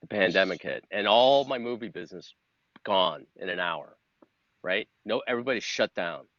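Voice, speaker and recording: Middle-aged male guest, slightly low voice, animated storyteller who acts out dialogue, dull dry audio. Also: normal speed, no echo. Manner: earnest, gets emotional. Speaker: podcast guest, cinematographer. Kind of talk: casual storytelling.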